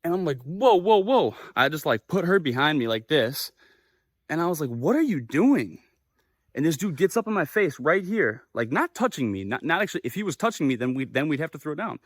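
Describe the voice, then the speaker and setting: A young man telling a story in a casual vlog, animated and swearing freely as he acts out the quoted voices. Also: a little high, quick pace, no echo, clean studio sound. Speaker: vlogger. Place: living in Japan.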